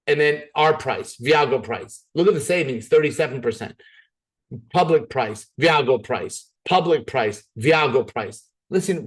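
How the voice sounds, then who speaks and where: A man giving an energetic, persuasive sales presentation, often repeating words as he pushes ahead. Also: fairly high pitch.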